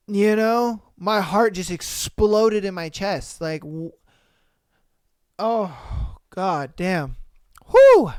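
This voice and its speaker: A man hosting a podcast, reacting to stories in casual, slangy talk and breaking into loud exclamations. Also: high-pitched, big pitch swings, slow, smooth, dry recording, studio quality. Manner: exclaiming, slangy, calls listeners bro. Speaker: podcast host.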